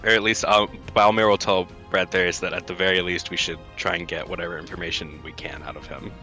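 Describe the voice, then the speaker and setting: A man's voice: low-pitched, flat delivery, quick pace, sharp tone, faint music behind. A laid-back man playing a tabletop game, describing his character's actions. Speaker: player. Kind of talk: tabletop game role-play.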